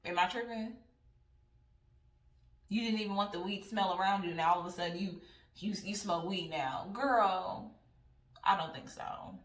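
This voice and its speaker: A woman's voice: mid-range voice, measured pace, long pauses. Blunt, profane woman vlogger in a roomy space. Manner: blunt, profane, animated storytelling. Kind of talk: casual storytime. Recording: roomy sound from a distant mic.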